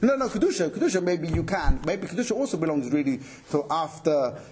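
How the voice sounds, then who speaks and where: A man giving a Torah lesson on prayer law, explaining quickly and animatedly, with many Hebrew and Yiddish terms mixed into his English. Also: a little high, animated, a crowd in the background. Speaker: Torah teacher. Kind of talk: halacha class.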